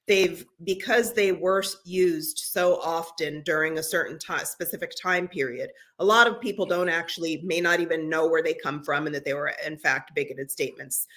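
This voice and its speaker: A woman's voice: low voice, moderate pace, hardly any pauses, fairly bright tone. A middle-aged woman co-hosting a podcast, talking earnestly in casual conversation with frequent restarts. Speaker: podcast co-host.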